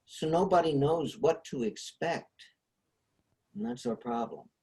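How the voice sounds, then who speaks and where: A man's voice: on the high side, animated, measured pace, gravelly, mellow. A man hosting a casual discussion over a video call, explaining ideas with frequent hesitations. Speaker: host.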